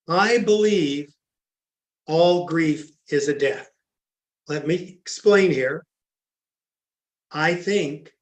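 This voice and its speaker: A man giving a recorded training talk on grief, earnest and emphatic as he tells stories. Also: a little high. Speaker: grief educator. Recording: echoey room.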